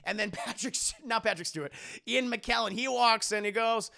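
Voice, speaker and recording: A man's voice: sits high, lively intonation, normal speed, vocal fry, pushed and bright. A man streaming a casual film recap, rambling and swearing as he talks to his chat. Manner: profane, rambling, keeps addressing chat.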